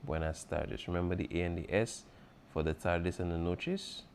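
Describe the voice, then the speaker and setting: A man's voice: sits low, moderate pace, a little mellow, a little hiss or hum. A man as a teacher going over an exam review, patiently repeating key points and checking in with his students. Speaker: Spanish teacher.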